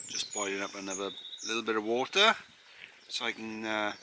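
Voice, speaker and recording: A man's voice: fairly low pitch, steady tone, brisk, noisy background. A man from the United Kingdom vlogging casually outdoors at a campsite, chatty and rambling with plenty of fillers. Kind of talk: casual camping vlog to camera.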